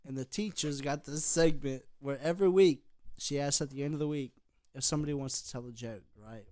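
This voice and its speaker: A man co-hosting a casual podcast chat, telling long crude jokes in a low storytelling voice. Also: no room sound. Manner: drops to a quiet storytelling voice for jokes. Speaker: podcast co-host.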